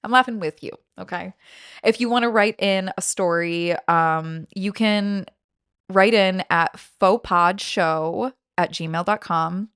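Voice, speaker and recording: A woman's voice: medium pitch, takes it slowly, a bit bright, smooth, no room sound, clean studio sound. A woman hosting a comedy podcast in casual, profane chat, telling a self-mocking story with big swings in energy. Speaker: podcast host.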